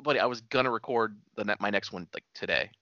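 A man co-hosting a podcast in relaxed, joking chat, swearing casually now and then. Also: fairly low pitch, fast talker, dry recording, lo-fi sound. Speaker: podcast co-host.

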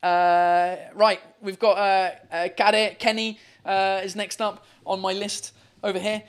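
Upbeat host with a high, bright voice, talking through a computer mic, trips over his words and keeps going. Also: level tone, takes it slowly, clear, resonant tone. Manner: upbeat, chatty, stumbles and repeats words. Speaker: host of a live video call show. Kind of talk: casual live-stream chat with callers. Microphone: computer mic on a video call.

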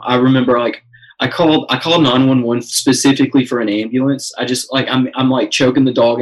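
Excitable young man telling a story. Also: medium pitch, rough recording. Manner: excited, swears a lot, many fillers. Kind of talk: casual storytelling chat.

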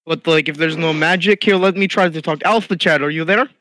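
A man's voice: a little high, brisk, sharp tone, no echo, low-quality recording. A man playing in a tabletop game, speaking in character with earnest, oddly formal phrasing. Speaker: player. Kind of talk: tabletop role-play.

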